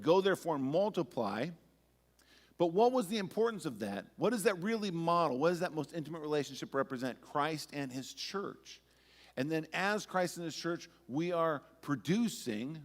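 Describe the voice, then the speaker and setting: A male pastor speaks from the pulpit in a relaxed, conversational way and weaves personal stories and light humor into his preaching. His voice sits a bit high for a man. A long reverb fills the sanctuary around him. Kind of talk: sermon. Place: church sanctuary.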